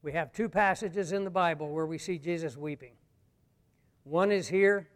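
Man preaching a sermon, smooth clear voice, hush then loud bursts. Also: on the high side, moderate pace. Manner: preaching, swings between hushed and loud emphatic lines. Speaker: pastor. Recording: long hall reverb.

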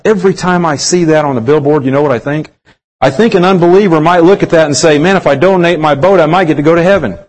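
A man preaching a sermon, reading scripture slowly with drawn-out emphasis and putting many rhetorical questions to his congregation. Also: fairly high pitch, darkish tone, rough recording.

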